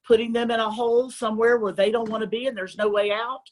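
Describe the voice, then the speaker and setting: A woman's voice: a little high, fairly quick, few pauses, low-quality recording. A woman speaking as a guest on a faith-based parenting show, earnest and quoting scripture.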